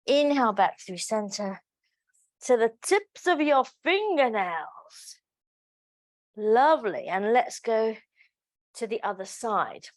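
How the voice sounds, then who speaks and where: A woman's voice: on the high side, lively intonation, slow pace, long pauses. A woman teaching a live pilates class, giving counted cues with joking, chatty asides. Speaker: pilates instructor. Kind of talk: live exercise class instruction.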